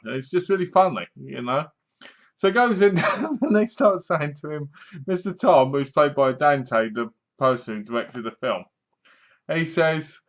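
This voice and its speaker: A man's voice: a little high, lively intonation, measured pace. A man casually reviewing a film to his webcam, retelling the plot in a rambling way and laughing at the jokes. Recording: dull lo-fi webcam audio.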